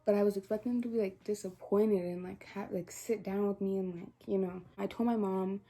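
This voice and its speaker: Teenage girl, vlogger, casual storytelling, mellow tone, near tears. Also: medium pitch, fairly even intonation, fairly quick. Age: teens. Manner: chatty, many likes and quoted dialogue.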